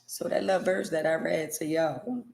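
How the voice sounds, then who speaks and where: A woman's voice: deep voice, steady tone, normal speed, vocal fry, darkish tone, reverberant, slight background noise. A woman ranting in casual commentary, emphatic and profane, hammering her points by repeating them. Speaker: vlogger.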